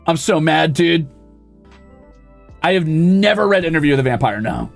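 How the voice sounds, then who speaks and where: High-voiced, exasperated ranting man. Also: expressive, measured pace, gravelly, long pauses, soft background music. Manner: exasperated, profane, sarcastic ranting. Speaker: streamer. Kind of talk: ranting stream commentary.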